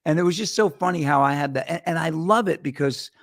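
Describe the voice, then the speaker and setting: A man from Long Island hosting a talk show, telling stories in an animated way and acting out what people said. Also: fairly high pitch, fast. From Long Island, New York. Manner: animated storyteller, acts out quotes. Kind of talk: casual chat interview.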